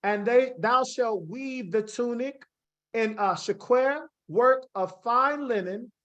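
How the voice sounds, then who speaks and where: A man leads a Bible study at an unhurried pace, reading verses aloud and stopping to check in with his listeners. He picks apart Hebrew words syllable by syllable, like a teacher working through slides. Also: high voice, a bit bright, muffled recording. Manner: reads scripture aloud, sprinkles in "right?" checks to the class; spells out Hebrew words slowly. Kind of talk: classroom Bible lesson with slides.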